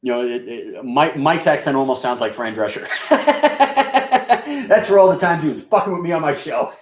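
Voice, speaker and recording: Fast-talking and expressive, with a mid-range voice and hardly any pauses, a New York radio and video host rambles through a casual, profane monologue loaded with fillers and restarts. His voice is scratchy and rustic, the accent mixes Queens and Bronx, and the audio carries a roomy echo.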